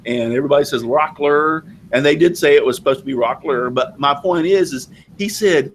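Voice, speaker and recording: A Southern-raised man hosts a casual live video chat, rambling and chatty with plenty of fillers. His fairly high voice is animated and brisk, with hardly any pauses. The recording is rough, carrying a little hiss or hum.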